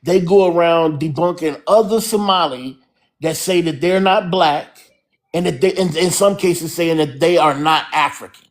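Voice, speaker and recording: High-voiced earnest male host. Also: normal speed. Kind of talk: live-stream panel chat.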